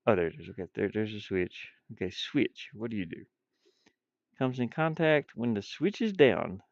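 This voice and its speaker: Building a game live on stream, this stuffy-nosed indie developer chats casually, wanders from thought to thought, mutters to himself, and chuckles a lot. He speaks on the low side, animated and at a moderate pace, and the lo-fi audio carries no room sound.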